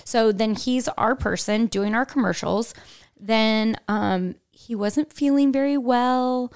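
A woman's voice: on the high side, slow pace, a little mellow, clear, resonant tone. Chatty woman telling stories. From Indiana, USA. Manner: chatty and rambling, many fillers like "like", laughs often. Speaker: podcast guest. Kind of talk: casual interview chat.

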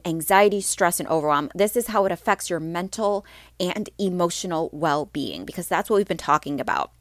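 A woman's voice: deep voice, no echo, studio quality. Chatty woman podcaster, slightly stuffy. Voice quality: slightly stuffy, clearing her throat. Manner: upbeat, chatty, many ums and restarts. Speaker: podcast host and mindset coach. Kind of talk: casual solo podcast talk.

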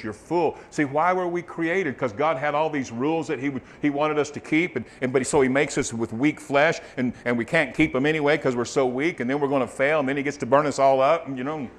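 A man preaching with a fairly high voice that swings from loud fervent bursts down to soft, hushed testimony. His sermon is heartfelt and direct. A faint hum of room ambience sits behind him.

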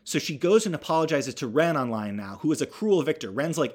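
A man's voice: on the high side, animated, fairly quick, a little mellow. A man casually recapping a horror movie, rambling with wry asides and self-corrections.

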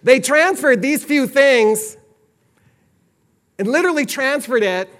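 A man's voice: extremely high pitch, slow. A man preaching, telling a long story and acting out the lines of the people in it. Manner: animated, acts out quoted dialogue. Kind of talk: sermon storytelling.

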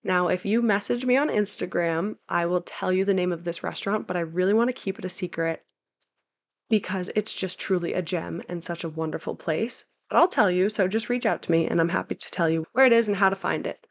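A young woman gives casual travel advice with an upbeat, chatty energy. Her voice sits a little lower than most women's and she keeps an enthusiastic, friendly flow. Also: brisk. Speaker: travel guide. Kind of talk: casual travel vlog talk.

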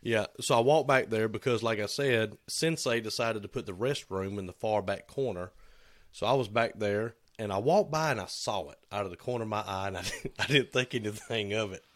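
A middle-aged man chats casually about work on a shop podcast. His voice sits a bit low, and he tells stories with quick quoted bits and laughs. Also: a bit bright. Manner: storytelling, acts out quotes with laughs. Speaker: podcast co-host.

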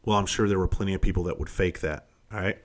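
A man's voice: deep voice, fairly even intonation, quick pace. A middle-aged man hosting a podcast, telling blunt, profane stories from his own past in a casual, self-deprecating way. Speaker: podcast host. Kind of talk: casual storytelling monologue.

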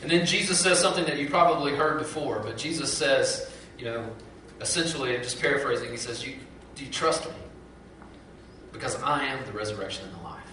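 Man preaching, storytelling style, acts out quotes, bright tone, roomy echo from a distant mic. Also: medium pitch, expressive, fairly quick, slight background noise. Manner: storytelling, acts out quoted voices with repeats and restarts. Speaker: pastor. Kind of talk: sermon.

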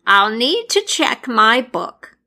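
A creeping female plague spirit, as a woman storyteller puts her on, lifting her voice high above the narration and stretching every word. She sounds unhurried and considering, like an eerie presence in a spoken folktale. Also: very animated, sharp tone, heavily acted. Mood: musing. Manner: slow, drawn-out, considering. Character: Pesta, female plague spirit, slow and deliberate.

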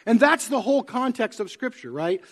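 A man's voice: very high voice, big pitch swings, moderate pace. A man preaching a sermon to his congregation in a church, conversational and often asking them questions. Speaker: pastor. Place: church sanctuary.

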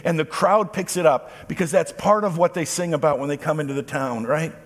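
Male pastor mid-sermon, slightly husky voice pitched a bit high, echoing through a large church hall. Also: brisk. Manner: expressive preaching, voicing quoted speech.

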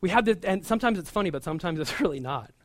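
A man, a pastor, giving a conversational sermon, animated and chatty with frequent asides. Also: high voice, racing, dry recording, clean studio sound.

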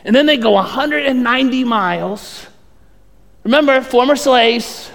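Conversational pastor with a high, gravelly voice. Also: male voice, unhurried, long reverb tail. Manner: conversational, animated storytelling with many restarts. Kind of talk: sermon.

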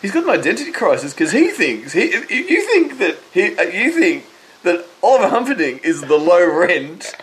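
A wry man chatting casually as a podcast co-host, his pitch swinging lively up and down. He laughs easily between remarks. A faint hiss sits under the recording. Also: normal speed. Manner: wry, laughs often while talking. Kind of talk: casual chat reviewing an old wrestling show.

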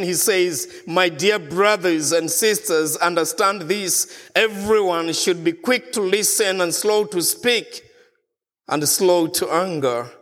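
A man's voice: on the high side, a bit bright, long reverb tail. A man preaching a sermon as a pastor, asking the congregation question after question. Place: church.

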